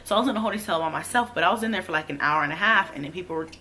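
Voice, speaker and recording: A pregnant young woman, telling a storytime vlog in a blunt, profane, animated way. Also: lowish voice, racing, soft background music. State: heavily pregnant. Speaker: vlogger.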